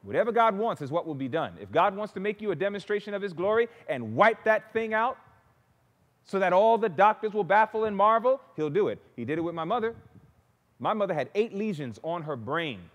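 A man's voice: high-pitched, lively intonation, brisk. A man preaching a sermon, telling stories with animation and acting out the people he quotes. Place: church sanctuary. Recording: long church reverb.

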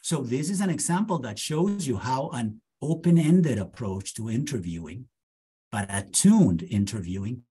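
A man in his late fifties, a psychiatry lecturer, talks through clinical case examples in a measured, deliberate way. He slows down for emphasis. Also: mid-range voice, animated, dark tone, breathy edge. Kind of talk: academic lecture with case vignettes.

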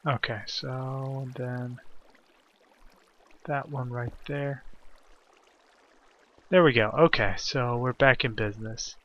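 A man talking quietly to himself as he plays a video game, in a self-deprecating manner. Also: medium pitch, fairly even intonation, slow pace, long pauses. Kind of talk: let's play commentary. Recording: dull lo-fi recording.

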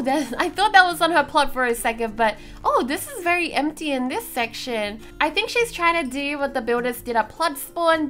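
A young woman hosting a gaming video, giving casual commentary as she tours players' builds, bubbly and gushing with frequent gasps of excitement. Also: sits high. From Australia. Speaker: gaming channel host. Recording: light background music.

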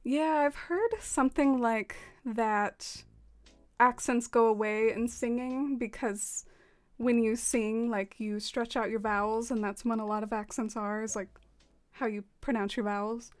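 A woman's voice: fairly high pitch, steady tone, measured pace. An American woman streaming a game, chatting casually with viewers, giggling often and using lots of fillers. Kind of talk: casual chat reading out chat messages.

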